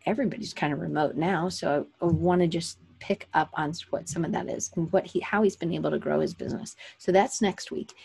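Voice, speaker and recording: With a fairly low, darkish, slightly rough voice, this host of a livestream for creative business owners chats loosely. Her talk meanders, peppered with fillers and corrections of herself.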